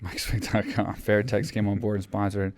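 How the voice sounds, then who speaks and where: Low-voiced man rambling on a podcast. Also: little pitch movement, normal speed, darkish tone. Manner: rambling, many fillers and restarts. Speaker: podcast host. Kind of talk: casual chat.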